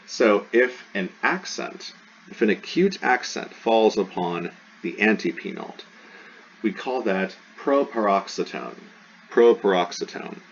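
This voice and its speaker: A man teaching a recorded lesson, spelling out terms slowly and showing real enthusiasm for the words. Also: deep voice, creaky. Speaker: Greek teacher. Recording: dull lo-fi recording with faint hiss.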